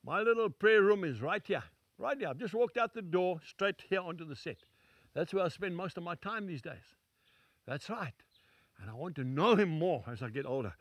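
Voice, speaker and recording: A man's voice: high-pitched, lively intonation, moderate pace, no room sound, dull audio. An older man, an evangelist, preaching a sermon to camera on a small studio set in an emphatic, folksy way with repeated phrases.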